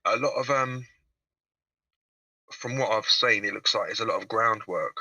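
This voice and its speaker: A man's voice: on the low side, normal speed, pushed and bright, no echo, far from the mic, low-quality recording. A man from England, a guest on a video call bantering cheekily with some swearing. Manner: cheeky, swearing, self-mocking. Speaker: guest caller.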